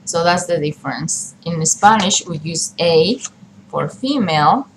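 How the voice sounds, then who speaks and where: Slow, patient woman teaching Spanish. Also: fairly low pitch, animated, background noise. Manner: slow, patient, repeats phrases in both languages. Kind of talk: bilingual language lesson.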